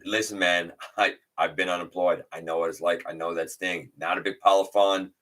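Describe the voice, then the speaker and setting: A man with a low voice that has a bright, forceful edge hosts a relaxed livestream from his home setup. He rambles a little, greets viewers by name and reads their chat comments back to them. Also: a little fast, hardly any pauses. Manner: rambling with fillers and restarts. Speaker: livestream host.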